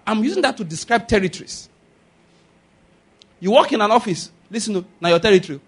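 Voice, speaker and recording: Man, Nigerian accent, preacher, high-pitched, husky, emphatic sermon. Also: expressive, fast, long pauses. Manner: emphatic, repetitive exhortation with frequent chuckles.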